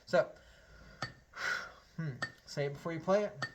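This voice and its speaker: A man's voice: on the high side, slow. A man teaching a harmonica lesson, explaining step by step in a friendly way and counting beats aloud. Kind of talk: online music lesson.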